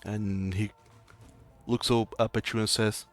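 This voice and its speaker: A man's voice: lowish voice, little pitch movement, a little slow, long pauses, faint music behind. Man narrating a tabletop game. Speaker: game master. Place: home streaming setup.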